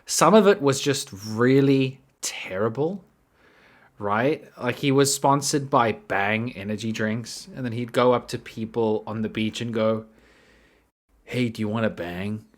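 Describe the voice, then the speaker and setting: A man's voice: medium pitch, a little slow. A man giving casual, chatty commentary, often tagging his sentences with "right?". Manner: chatty, tags lines with "right?". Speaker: commentary YouTuber.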